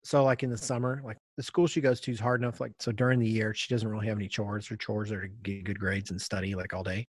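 A middle-aged man co-hosting a podcast, chatting casually and telling lively stories. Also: fairly low pitch, fast talker, hardly any pauses, no room sound, studio quality. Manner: animated storyteller, acts out quoted voices. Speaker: podcast co-host. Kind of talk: casual chat.

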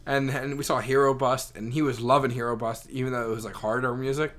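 A man's voice: mid-range voice, level tone, fast, a bit bright. Rambling young man telling a story. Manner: rambling, filler-heavy storytelling with many "like"s. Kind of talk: casual chat.

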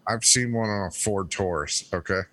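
A man's voice: on the low side, normal speed, a bit bright. A man co-hosting a casual chat, laid-back and profane, mostly giving short replies. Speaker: co-host.

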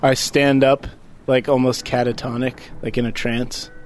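A man at a tabletop game, narrating his character's fumbles with playful self-mockery and easy laughter. He speaks in a middle pitch, casual and relaxed. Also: normal speed, a little hiss or hum. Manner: playful and self-mocking, laughing between lines. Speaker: player.

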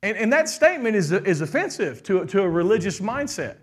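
High-voiced animated male preacher. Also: a little fast. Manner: animated preaching, acts out quoted voices, asks the crowd questions. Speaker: pastor. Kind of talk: sermon.

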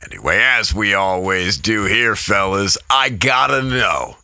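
A man's voice: on the low side, expressive, measured pace, pushed and bright, smooth, no room sound, studio quality. A man hosting a casual podcast, laughing and swearing as he retells movie scenes. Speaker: podcast host.

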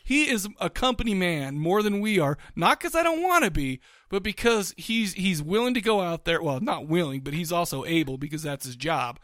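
Rambling, excitable podcast co-host man. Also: high voice, normal speed, few pauses, dry recording, clean studio sound. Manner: rambling, full of restarts and fillers; excitable, laughing. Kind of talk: casual chat.

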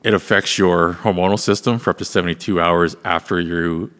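A man with a lowish voice hosts a podcast in loose, rambling conversation, swearing freely as he explains things. His voice trails off into a long reverb tail. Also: steady tone, a little fast, fairly bright tone. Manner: rambling, profane, explains at length. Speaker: podcast host. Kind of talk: casual podcast chat.

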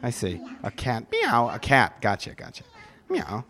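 His voice is on the low side, fairly bright, at a moderate pace. This visitor from Milwaukee, Wisconsin goofs around with children into a handheld mic at an event, stumbling over words and restarting in a playful casual chat.

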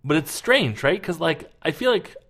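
A man's voice: on the high side, sing-song, normal speed, a bit bright. A man talking as a podcast co-host in casual chat, rambling and full of fillers as he tells stories. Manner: rambling, filler-heavy storytelling.

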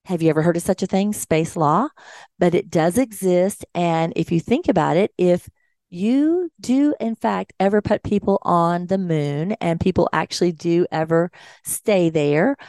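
A woman's voice: lowish voice, a little slow, dry recording, clean studio sound. A woman nurse and podcast host, earnestly telling a personal story and acting out what people said. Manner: earnest, animated retelling with quoted dialogue.

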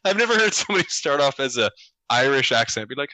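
A man chatting as a show guest, halting and stop-start with lots of fillers. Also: medium pitch, very animated, bright, forceful tone, no echo. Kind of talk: casual chat.

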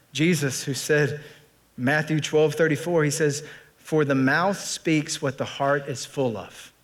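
A man preaching a sermon as pastor, animated and folksy, often repeating phrases and joking with the congregation. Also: medium pitch.

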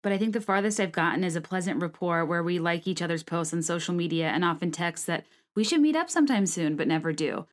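A woman in her late twenties talking casually and quickly, with many filler "like"s, then reading her own blog post aloud. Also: fairly low pitch, lively intonation. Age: late 20s.

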